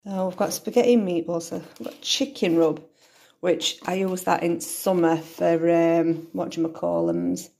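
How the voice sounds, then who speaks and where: A woman chats in a rambling, unscripted vlog from her home, breaking off mid-thought. Her low voice has a gravelly edge. The room gives it a noticeable echo. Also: fairly even intonation, moderate pace, warm tone. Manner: rambling, thinks aloud, self-interrupting. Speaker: vlogger. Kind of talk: casual chatty vlog. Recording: echoey room.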